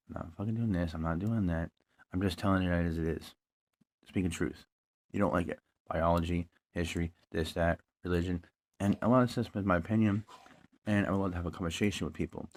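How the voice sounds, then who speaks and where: A young man ranting bluntly and profanely into a broken phone mic in his living room. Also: sits low. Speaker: vlogger. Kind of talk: angry ranting monologue. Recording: lo-fi phone recording.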